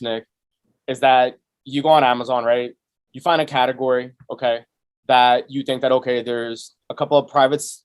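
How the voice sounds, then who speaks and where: A man, a guest on a business podcast, explaining his method step by step in casual talk, full of "right?" and "you know". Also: medium pitch. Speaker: guest, Amazon seller.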